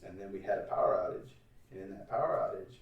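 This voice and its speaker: A man's voice: low voice, fast, creaky, distant mic, dull audio. A man chatting casually on a podcast, telling a long story in a rambling way, with plenty of swearing and laughter. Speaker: podcast host. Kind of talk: casual chat. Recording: roomy, off-mic sound.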